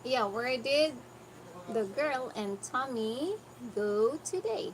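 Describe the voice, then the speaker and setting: A woman teaching an online English pronunciation lesson, patiently correcting a student and repeating words slowly. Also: fairly high pitch, expressive, poor audio. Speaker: English tutor. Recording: noticeable background noise.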